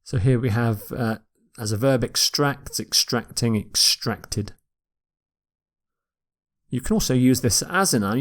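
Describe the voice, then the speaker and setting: A man gives a vocabulary lecture at an unhurried pace, saying each word slowly. He repeats key words to model their pronunciation, in a voice of middling pitch. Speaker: English teacher.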